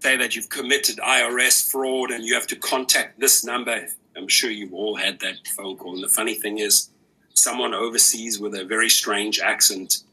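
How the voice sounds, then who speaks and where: A man's voice: lowish voice, fairly even intonation, moderate pace, sharp tone, slight background noise, rough recording. A man in a clip being played, mocking another driver sarcastically. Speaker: critic in a played video. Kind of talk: mocking commentary video.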